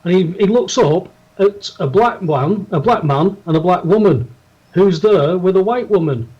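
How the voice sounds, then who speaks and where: A man's voice: high voice, expressive, moderate pace, husky, muffled recording. A man co-hosting a podcast, telling a story in casual chat with lots of restarts. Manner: rambling anecdotes with restarts. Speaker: podcast co-host.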